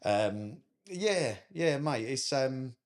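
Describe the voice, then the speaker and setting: A man's voice: mid-range voice, expressive, drawn-out words. A man with a British English accent, a wedding photographer chatting casually on a podcast, cheeky and talkative, calling everyone "mate".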